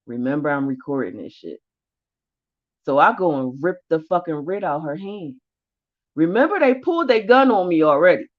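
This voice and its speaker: Woman vlogger, low voice, blunt and profane storytelling; dull lo-fi recording. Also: big pitch swings, normal speed. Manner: profane, blunt, rising anger. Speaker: vlogger telling her eviction story. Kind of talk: heated casual storytelling.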